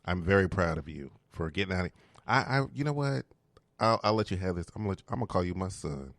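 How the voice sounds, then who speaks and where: A man's voice: low-pitched, expressive, fast, fairly bright tone, no room sound. A man hosting a casual chat show, flirty and playful, laughing often and teasing his guest. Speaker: host. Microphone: studio mic with headphones.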